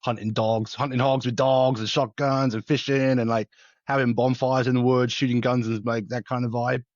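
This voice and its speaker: A man's voice: medium pitch, flat delivery, no echo, highs cut off. A man from England with a British accent tinged by South African speech, a former soldier talking casually and laughing easily in a podcast interview. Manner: chatty and quick, laughs easily. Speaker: guest, former soldier and wildlife conservationist. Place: home in rural South Africa, remote call.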